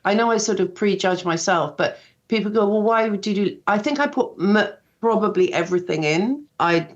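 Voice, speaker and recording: A woman's voice: mid-range voice, normal speed, lo-fi sound. An older woman speaking as a guest author in a casual radio interview, chatty and self-deprecating, acting out quoted dialogue as she tells stories.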